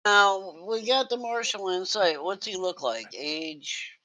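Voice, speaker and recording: A woman's voice: mid-range voice, animated, slow pace, pushed and bright, low-quality recording. A woman player in a tabletop game who speaks as her western character in an easygoing way. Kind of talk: in-character role-play.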